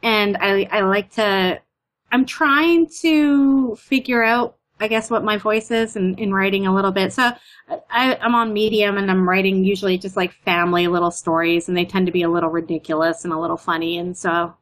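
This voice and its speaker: A woman's voice: medium pitch, normal speed. A Canadian woman chatting casually, full of "like" and "you know", acting out her own stories. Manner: chatty, lots of "like" and "you know", animated retellings. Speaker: guest. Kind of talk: casual chat.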